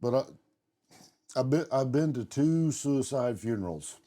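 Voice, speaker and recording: A man's voice: medium pitch, animated, slow pace, dark tone. A middle-aged man co-hosting a podcast, telling long personal stories in a blunt, casual way and swearing freely. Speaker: podcast co-host. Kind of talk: casual conversation.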